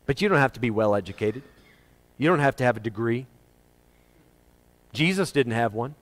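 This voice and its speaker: A man preaching a sermon, emphatic, moving between loud rising questions and quiet low asides, and slowing down to read scripture deliberately. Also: lively intonation. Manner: reads scripture slowly and deliberately.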